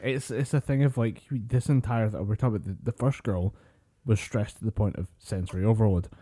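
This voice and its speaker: A man co-hosting a podcast in casual chat, breaking in with quick sarcastic jokes. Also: lowish voice, mellow. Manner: joking, quick sarcastic interjections. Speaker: podcast co-host.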